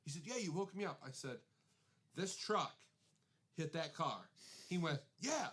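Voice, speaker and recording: A man's voice: a little high, a little slow, husky. A man co-hosting a podcast, telling a story in casual chat, swearing freely and acting out the quotes. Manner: animated, swearing anecdotes, acts out quotes. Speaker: podcast co-host.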